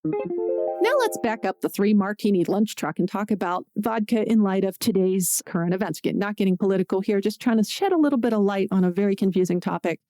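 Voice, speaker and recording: A woman's voice: medium pitch, fairly quick, dark tone, no echo, soft background music. A woman from Pittsburgh hosting a solo podcast, talking in a chatty, conversational way with jokey asides. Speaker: podcast host.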